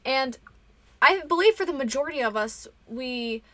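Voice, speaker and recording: Bright-voiced young woman hosting a podcast. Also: sits high, lively intonation, moderate pace, no room sound. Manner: chatty, rambling, self-conscious. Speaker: podcast host. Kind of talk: casual podcast chat.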